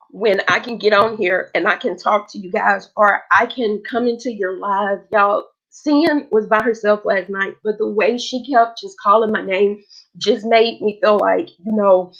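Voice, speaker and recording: A woman's voice: medium pitch, vocal fry, a bit bright. A woman hosts a casual livestream and speaks to her viewers with open, heartfelt emotion. The sound is dull and a little lo-fi, like stream audio. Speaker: livestream host.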